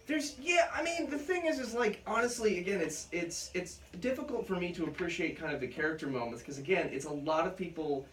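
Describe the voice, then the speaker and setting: Guy ranting about movies at home, swears a lot, sounds far off, boomy room. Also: lively intonation, fairly quick, few pauses, a bit bright, echoey room, a little hiss or hum. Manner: swears, does mocking quoted voices. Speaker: podcast co-host. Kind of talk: casual film discussion.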